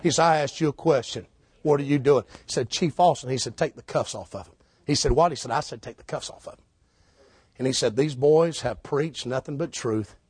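A middle-aged man preaching a storytelling sermon, swinging between shouted preaching and low, hushed retelling. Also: brisk, breathy edge, no echo. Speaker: street preacher.

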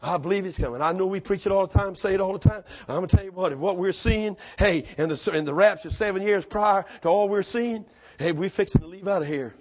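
A man preaching a sermon, fiery and shouting at the climaxes of his stories. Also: high-pitched, quick pace, few pauses. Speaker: pastor.

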